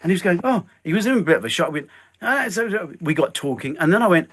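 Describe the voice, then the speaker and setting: Lively older man telling stories. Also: fairly high pitch, fast, breathy edge. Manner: animated, acts out quoted lines. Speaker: guest, stuntman and filmmaker. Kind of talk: storytelling interview chat.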